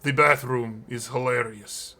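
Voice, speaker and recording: A man voicing a huge, boisterous blue tiefling warrior in a tabletop game, speaking in booming, clipped phrases. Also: fairly even intonation, a little slow, gravelly, pushed and bright. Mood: jovial.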